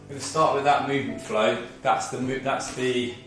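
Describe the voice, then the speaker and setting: A man's voice: mid-range voice, level tone, moderate pace, fairly bright tone, heavy reverb, distant mic, soft background music. A man leading a guided movement and mindfulness workout as a fitness instructor, slightly out of breath, talking through each move step by step. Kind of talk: guided exercise class.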